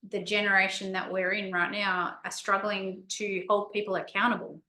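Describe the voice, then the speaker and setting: A woman hosts a podcast interview and answers her guest with supportive, reflective remarks, often restarting her sentences. Her bright, forceful voice echoes around a roomy space. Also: mid-range voice, little pitch movement, moderate pace. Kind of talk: interview conversation. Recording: roomy echo.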